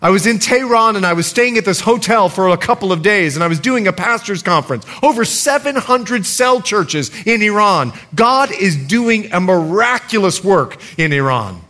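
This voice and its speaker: A middle-aged man from the United States, a pastor preaching a sermon in a lively, humorous way. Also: high voice, normal speed, few pauses.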